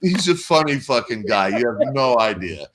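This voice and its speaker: A man's voice: medium pitch, sing-song, moderate pace, a bit bright, a little hiss or hum. A man rambling through a crude, swear-filled party story in casual chat. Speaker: guest storyteller.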